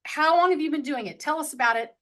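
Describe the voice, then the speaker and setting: A woman's voice: sits high, quick pace, a bit bright. A woman business coach hosting an interview show, enthusiastic and gushing about her guest.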